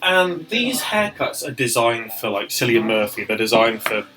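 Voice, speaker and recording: A man's voice: mid-range voice, very animated, moderate pace, pushed and bright, poor audio. A man, a barber co-hosting a podcast, telling stories in casual chat, swearing and laughing often.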